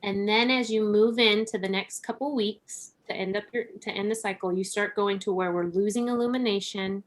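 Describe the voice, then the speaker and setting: A woman on a podcast as a guest, relaxed and introspective, speaking at medium pitch and ordinary speed. She laughs frequently and says "like" and "right?" a great deal.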